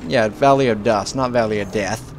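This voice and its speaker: A man's voice: on the low side, normal speed, noisy background. A man giving rambling, profane let's play commentary as a gaming channel host, slipping into mock panic.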